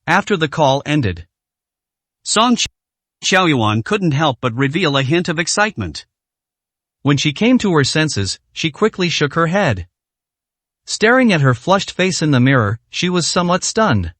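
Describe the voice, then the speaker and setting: A man narrating a translated web novel story, reading every character's lines in the same steady narrating voice. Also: on the high side, a little slow, no room sound.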